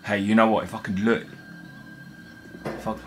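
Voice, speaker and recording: Jumpy gamer swearing at shadows. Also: male voice, lowish voice, moderate pace, faint music behind. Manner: jumpy and excitable, swearing and talking to himself. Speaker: gaming video host. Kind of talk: let's play commentary.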